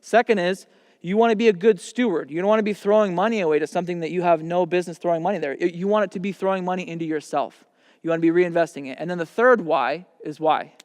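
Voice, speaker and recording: A man's voice: sits high, quick pace, dry recording, clean studio sound, long reverb tail. A man giving a seminar talk to young people at a camp, speaking conversationally and emphatically and acting out imagined dialogue.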